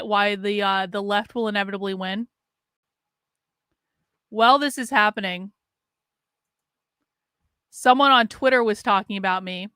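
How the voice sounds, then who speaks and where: A woman's voice: medium pitch, bright, forceful tone, clear, resonant tone, no room sound, studio quality. A woman hosting a livestream commentary, blunt, sarcastic and profane. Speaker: livestream host.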